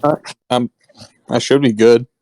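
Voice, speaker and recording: A man with a gravelly, mellow voice chats as a player in a tabletop game. He is easygoing and stops often on fillers. The sound is dry and close. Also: medium pitch, steady tone, unhurried, no echo. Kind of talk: casual chat in a tabletop game.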